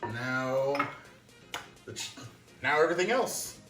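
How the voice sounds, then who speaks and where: A man hosts a relaxed home cooking show, full of self-mocking asides and frequent laughter. His pitch swings about lively as he talks. The voice is caught from some distance in an echoey kitchen with faint music under it. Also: slow. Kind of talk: casual cooking chat. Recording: roomy kitchen echo, mic far off.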